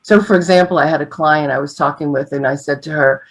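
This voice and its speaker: A middle-aged woman giving an online training on sales presentations, teaching through lively examples. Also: deep voice, quick pace, hardly any pauses, rough recording.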